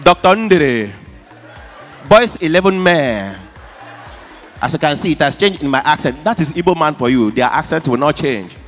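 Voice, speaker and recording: Nigerian stand-up comic, high bright voice, animated shouting delivery, faint music behind. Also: male voice, quick pace, few pauses. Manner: animated, shouting punchlines, mimicking squealing fans. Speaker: stand-up comedian. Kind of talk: stand-up comedy. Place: awards show stage.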